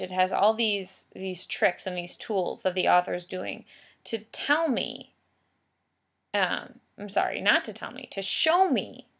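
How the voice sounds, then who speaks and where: A woman teacher with a medium-pitched, creaky, fairly bright voice gives a recorded writing lesson. She explains patiently and stresses key points by repeating them.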